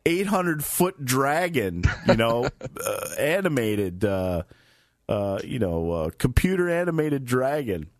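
A man's voice: mid-range voice, big pitch swings, slow pace, no echo. A man co-hosting a casual talk show, rambling with lots of fillers and frequent laughs. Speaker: co-host. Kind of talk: casual banter.

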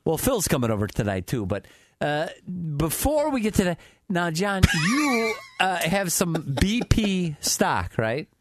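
A man's voice: a little high, very animated, unhurried, background noise. A man co-hosting a casual talk show, teasing and wisecracking. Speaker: co-host. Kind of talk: casual banter.

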